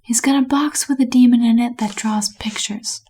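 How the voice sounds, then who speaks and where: A woman's voice: on the high side, level tone, normal speed, dark tone, breathy edge. A woman voicing a weary, reluctant male wizard in a whispered role-play, curt and dry.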